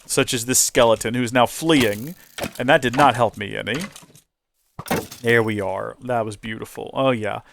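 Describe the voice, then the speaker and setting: A man's voice: mid-range voice, no room sound, clean studio sound. A young man hosting a video game playthrough, chatting in a rambling, playful way. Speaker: host.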